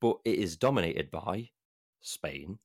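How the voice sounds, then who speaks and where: A British man with a very low, deep voice, talking in a blunt, rambling podcast chat style. He swears freely and slips into mock voices of other people. The sound is dry and close, with no room around it. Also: animated, takes it slowly, no echo. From United Kingdom.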